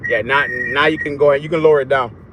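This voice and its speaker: A man's voice: medium pitch, fairly even intonation, fast, muffled recording, a little hiss or hum. A man hosting a live stream, chatting casually and telling crude stories with swearing and laughter. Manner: loud, profane, storytelling with laughs.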